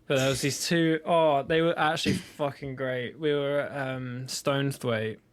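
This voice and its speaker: A young man with a southern English accent chats casually as a podcast co-host, rambling and swearing with self-mocking humor. His voice is medium-pitched and steady, at a moderate pace, with no echo in this relaxed conversation.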